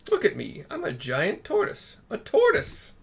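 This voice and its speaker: A man's voice: sits high, wildly swooping pitch, unhurried, vocal fry, fairly bright tone, breathy edge, pitched above the performer's own voice, exaggerated voice. A man voicing a flustered young man turned into a giant tortoise, panicking and exasperated. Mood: panicked.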